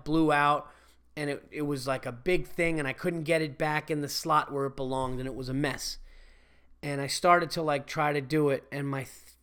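A man's voice: on the high side, a bit bright, smooth. A man hosting a podcast, reading listener emails and chatting casually, swearing freely and chuckling as he talks. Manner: loose, swears freely, chuckles mid-sentence. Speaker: podcast host.

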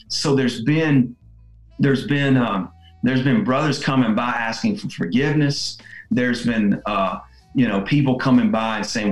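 A man guest, a salon owner, telling heartfelt stories in relaxed conversation. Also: mid-range voice, unhurried. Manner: earnest, heartfelt. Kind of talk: conversational storytelling. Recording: roomy echo, faint music.

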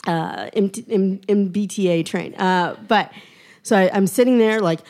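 A young woman telling a personal story on stage, animated and self-mocking, often laughing through her lines. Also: on the low side, moderate pace.

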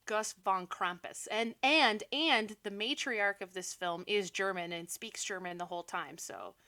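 A young woman talks through a film plot in loose, animated podcast chat. Her voice is bright and crisp, and she laughs often and drops sarcastic asides. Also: medium pitch, unhurried. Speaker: podcast co-host. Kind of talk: casual movie recap chat.

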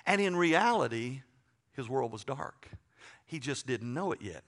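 A man's voice: medium pitch, expressive, unhurried, a bit bright. A man, preaching a sermon and telling a story, acting out the dialogue and often repeating words. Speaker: pastor.

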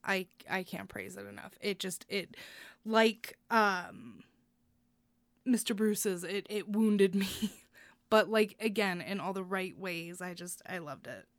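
Woman with a smooth, clear voice gushing. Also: mid-range voice, slow pace, no echo. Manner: gushing, effusive praise with frequent laughs. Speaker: podcast co-host reviewing stories. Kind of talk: casual chat.

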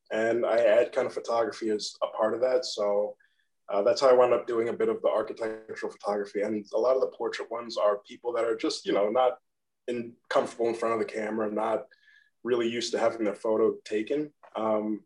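Monotone man, modest and rambling. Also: medium pitch, poor audio. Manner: self-deprecating, rambling, laughs often. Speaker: guest photographer and graphic designer. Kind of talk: casual interview chat.

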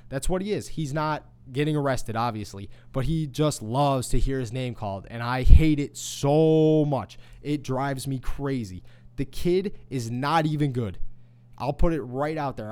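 A man's voice: mid-range voice, a little mellow, clear, resonant tone. A young man hosting a sports podcast, delivering a heated, scornful solo rant with lots of repetition.

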